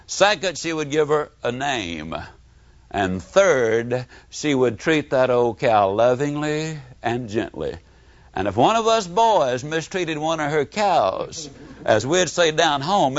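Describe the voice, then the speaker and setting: A man's voice: a little high, slow pace. An older man from Mississippi with a Southern accent, giving a motivational speech full of folksy stories and acted-out quotes. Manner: animated storytelling with folksy humor and acted-out quotes. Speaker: motivational speaker. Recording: dull lo-fi audio.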